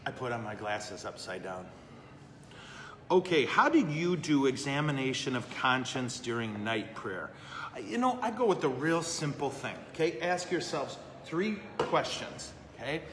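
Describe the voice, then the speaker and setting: A man's voice: medium pitch, very animated, a little slow. A man, a priest hosting a live question-and-answer show in a brewery, talking casually and joking about himself, often checking in with "okay?" and "right?". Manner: joking, self-deprecating, asks the room "okay?" and "right?". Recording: long reverb, faint ambient noise.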